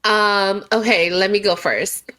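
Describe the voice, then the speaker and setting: A woman's voice: medium pitch, steady tone, slow, sharp tone. A woman co-hosting a comedy podcast, laid-back, answering with short reactions and laughs. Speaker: podcast co-host. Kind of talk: casual comedic chat.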